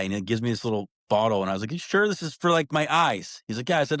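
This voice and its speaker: A man talking as a podcast guest, telling stories in a casual, animated way full of slang like "bro" and "dude". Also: mid-range voice, rapid-fire, few pauses, dry recording, studio quality. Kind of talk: casual storytelling chat.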